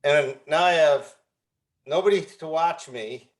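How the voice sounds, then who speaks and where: A man's voice: fairly high pitch, takes it slowly. Earnest middle-aged man telling his story. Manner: earnest, frequent restarts and repeated words. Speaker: guest, founder of a recovery movement. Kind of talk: candid interview storytelling.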